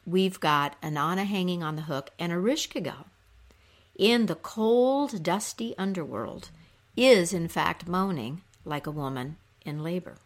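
Slow, conversational woman storyteller. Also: lowish voice, expressive. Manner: unhurried, conversational. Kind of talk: casual mythology storytelling.

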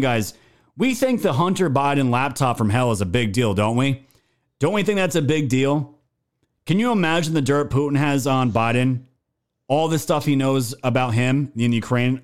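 A man's voice: medium pitch, lively intonation, moderate pace. Indignant male streamer, emphatic and profane. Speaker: political talk show host. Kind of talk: live-stream commentary reading chat.

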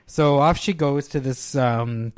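A young man casually recapping a film on a podcast, rambling and halting with many restarts and fillers, joking at his own expense. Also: medium pitch, darkish tone, smooth. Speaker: podcast co-host reviewing films. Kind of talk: casual chat.

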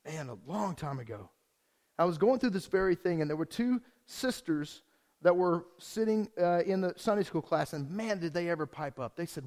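A man with a high voice preaches a sermon to his church. He is animated and playful, joking with the people in the pews between readings. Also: brisk. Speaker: pastor.

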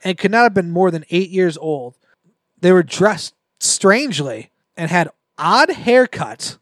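A man's voice: high-pitched, very animated, measured pace, a bit bright, dry recording. A man on a podcast reading a scary story aloud and breaking off for joking asides. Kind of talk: casual storytelling read-aloud with banter.

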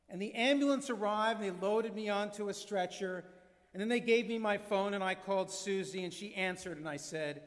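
High-voiced rabbi preaching in a hall. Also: male voice, a bit bright. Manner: storytelling, measured and earnest. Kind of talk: sermon. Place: synagogue sanctuary. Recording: long reverb of a large hall.

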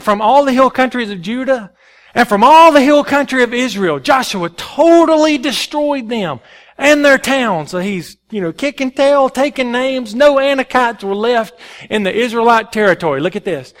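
A male pastor preaching a sermon in an animated, folksy storytelling way. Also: extremely high pitch.

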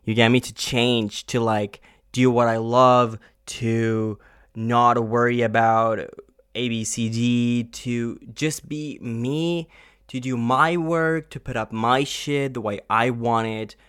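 A man podcasting from home in a rambling, unedited monologue, frustrated and swearing often, with halting pauses and fillers. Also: mid-range voice, fairly even intonation, fairly bright tone, clear, resonant tone, no echo, clean studio sound.

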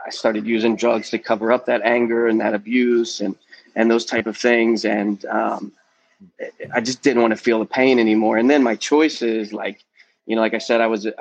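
On a podcast, a forties-aged youth ministry guest tells his personal testimony with earnest candor, peppering it with "um" and "man." The medium-pitched recording has no room sound and its highs are cut off.

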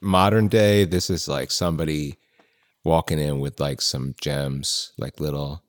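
A man's voice: rumbling low, steady tone, measured pace. A man co-hosting a casual podcast, laid-back and joking with frequent swearing. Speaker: podcast co-host. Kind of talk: casual chat.

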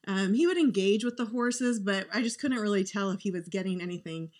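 A woman's voice: medium pitch, a little fast, darkish tone. A woman guest on a podcast, telling a personal story in an earnest, heartfelt, conversational way.

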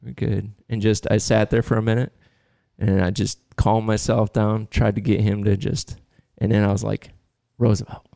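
Podcast host guy, low gravelly voice, animated storyteller, dry close sound. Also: normal speed, no room sound. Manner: storytelling, animated, laughs often. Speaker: podcast host and dog trainer. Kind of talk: casual podcast chat.

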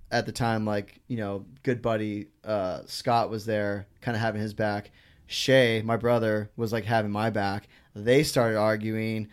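A man casually telling a personal story in a podcast chat. He rambles, fills his talk with "like" and acted-out quotes, and swears freely. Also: fairly low pitch. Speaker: guest.

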